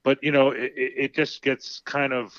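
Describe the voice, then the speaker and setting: Bright-voiced man, slightly muffled audio. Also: medium pitch, moderate pace, no room sound. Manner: lively, teasing, stumbles and repeats words. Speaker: treatment center executive, guest. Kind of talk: casual radio talk show conversation.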